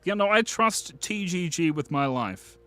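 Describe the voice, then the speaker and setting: A British man hosting a live stream, chatting casually with viewers, excitable and swearing freely. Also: sits high, a little slow, faint music behind. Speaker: livestream host.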